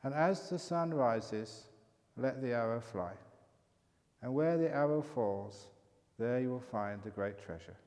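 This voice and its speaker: A man voicing a kind, wise old male monk, speaking low and gently, as he tells a story in a sermon. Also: a little slow, lightly acted. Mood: instructing. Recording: long hall reverb.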